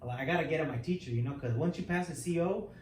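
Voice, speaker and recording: Man host, casual slangy storyteller, higher voice, recorded from a distant mic with background noise. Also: fast talker, reverberant. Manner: slangy, rambling, peppered with dude and fool. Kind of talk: casual chat.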